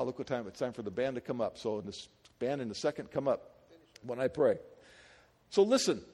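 A male pastor delivering an energetic sermon, speaking high and swinging widely between loud peaks and quiet asides. He peppers his congregation with rhetorical questions in a casual, conversational way. His voice carries a long reverb from a large hall. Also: slightly rough.

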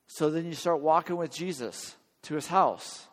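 A man's voice: on the high side, unhurried, hardly any pauses. A man preaching a sermon in an earnest, conversational way, often checking in with his listeners. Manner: earnest, conversational, questions the audience. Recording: long hall reverb, church hall.

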